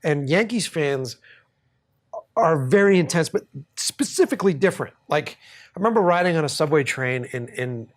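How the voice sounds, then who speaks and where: A man from Boston with a somewhat high voice, spinning a long anecdote on a podcast. He rambles, swears freely and laughs his way through the story, in the loose tone of casual chat. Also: expressive, moderate pace. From Boston, USA. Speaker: podcast host.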